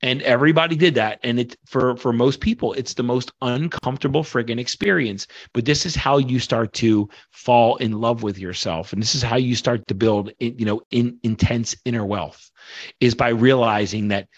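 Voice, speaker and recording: With a mid-range voice at normal speed, a workshop leader in his forties holds forth on self-worth as a podcast guest. He's passionate, somewhat preachy, and swears casually in this motivational conversation, recorded dry and muffled.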